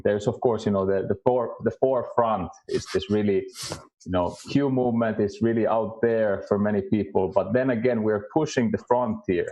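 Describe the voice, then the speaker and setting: Finnish guy talking slow and choppy, low mellow voice, lo-fi sound. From Finland. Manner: halting, many repeated words and restarts. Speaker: guest. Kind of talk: casual discussion.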